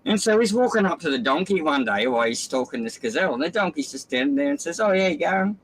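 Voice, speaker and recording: A man's voice: fairly high pitch, expressive, fast, breathy edge, poor audio. A man telling a fable in casual, profane, rambling chat between poker hands. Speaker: poker player chatting on stream.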